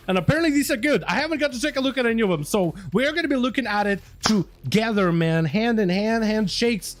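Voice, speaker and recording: A young male gaming streamer with a high voice, talking loosely and swearing freely as he greets his chat. His talk is casual and rambling. Soft music sits quietly behind him. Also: animated, fairly quick, few pauses. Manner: loose, profane and chatty with viewers. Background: faint music.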